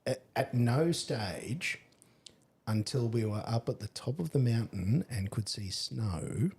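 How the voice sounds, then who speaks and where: An Australian podcast co-host chats casually over beers, telling travel stories as a laid-back storyteller who swears now and then. His medium-pitched, slightly mellow voice is animated with vocal fry, and he takes his time.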